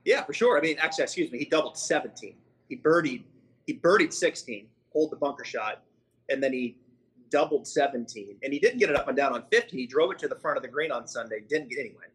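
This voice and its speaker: Male golf podcast host; bright, tense voice with some rasp, relaxed conversational delivery. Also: mid-range voice, fast talker, low-quality recording. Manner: conversational, frequent fillers and self-corrections. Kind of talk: casual podcast chat.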